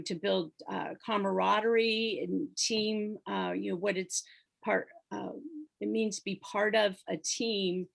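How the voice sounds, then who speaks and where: A woman's voice: medium pitch, vocal fry. A woman leading a casual video call discussion, chatty and rambling with fillers. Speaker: course facilitator.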